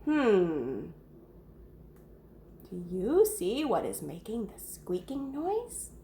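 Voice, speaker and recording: A woman reading a story aloud to children, pausing to ask the young listeners questions and gasping or whispering for effect. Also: medium pitch, huge pitch swings, warm tone, a little hiss or hum.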